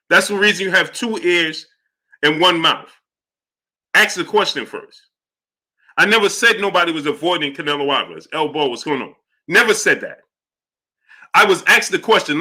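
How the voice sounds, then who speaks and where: A man's voice: mid-range voice, bright, forceful tone. A middle-aged man hosting a live boxing talk stream, reading chat messages and repeating himself in exasperation. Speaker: boxing talk show host. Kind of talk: live-stream commentary reading super chats.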